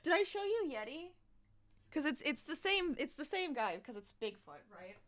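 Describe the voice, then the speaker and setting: A woman's voice: high-pitched, very animated, normal speed, fairly bright tone, no echo. A woman chatting casually on a livestream while she crochets, laughing often and trailing off mid-sentence, a little out of breath. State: a bit out of breath.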